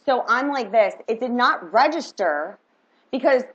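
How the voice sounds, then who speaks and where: A woman's voice: on the high side, a little slow. Chatty middle-aged woman telling a story. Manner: chatty, animated, full of "like" and "right?". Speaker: vlogger. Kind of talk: casual storytelling. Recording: dull lo-fi recording.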